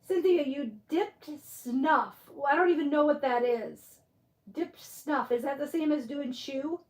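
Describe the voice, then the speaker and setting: Casual live-stream chat from a middle-aged Michigan woman with a Michigan accent who crafts on camera, reads chat, answers comments and muses aloud in a chatty way. She has a high voice, speaks at a measured pace, and the room is echoey.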